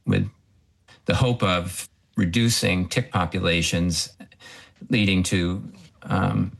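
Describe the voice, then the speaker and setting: Deep, gravelly, hesitant professor man. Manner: hesitant, halting, many ums and restarts. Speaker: professor and guest expert. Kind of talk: remote radio interview.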